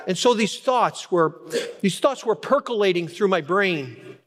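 A middle-aged man preaching a sermon, telling a personal story with dramatic pauses and repetition. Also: high-pitched, expressive, fairly bright tone. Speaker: pastor. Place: church hall. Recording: long hall reverb.

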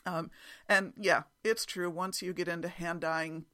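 A woman's voice: fairly low pitch, fairly even intonation, a little slow, a bit bright. A woman hosting her own podcast, talking casually and laughing at herself often. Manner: chatty, self-deprecating, laughs often. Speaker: podcast host. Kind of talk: casual solo podcast chat.

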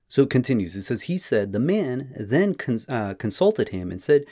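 A man's voice: mid-range voice, moderate pace, hardly any pauses. A man giving casual spoken commentary on old texts, retelling stories in his own words with many fillers. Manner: paraphrases texts with animated retellings and frequent fillers. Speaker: religious commentator.

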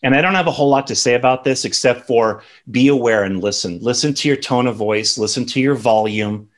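Guy in his 30s teaching a lesson, chatty, keeps saying right?, normal pitch. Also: brisk. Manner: conversational, tags sentences with "right?". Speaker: instructor.

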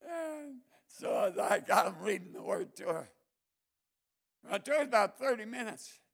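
An older man, a missionary preacher, telling stories in a sermon, moving from quiet asides to loud bursts. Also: very high voice, expressive, measured pace, vocal fry. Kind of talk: storytelling sermon.

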